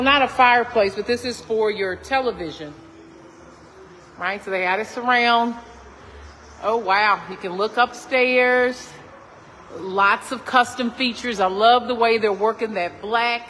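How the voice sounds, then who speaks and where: A woman's voice: a little high, a bit bright. A woman realtor giving a chatty walkthrough tour of a new home, exclaiming often and talking to viewers as y'all, filmed on a phone inside an empty house under construction. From Texas. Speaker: realtor touring a model home. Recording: echoey empty rooms with faint noise.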